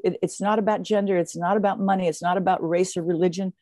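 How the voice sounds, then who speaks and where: An older woman, a guest in an interview, telling stories in a lively way with many fillers and restarts. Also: lowish voice, quick pace, dry recording. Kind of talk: casual interview storytelling.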